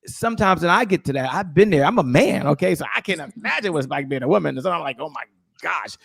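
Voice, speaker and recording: A middle-aged man giving an energetic, emphatic motivational talk on sales as a guest speaker, repeating his key phrases. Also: fairly high pitch, fast, vocal fry, breathy edge, dry recording.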